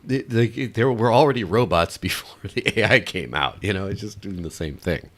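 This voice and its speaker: Very deep-voiced blunt man chatting. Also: animated, brisk, fairly bright tone. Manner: blunt, irreverent, mildly exasperated. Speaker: podcast co-host. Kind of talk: casual chat.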